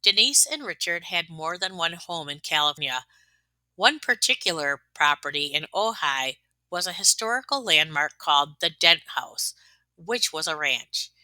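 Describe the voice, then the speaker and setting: Female narrator, low-pitched and very bright, even scripted read, dry voice-over. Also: moderate pace, no echo. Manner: even, reading-style recap. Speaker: tribute narrator.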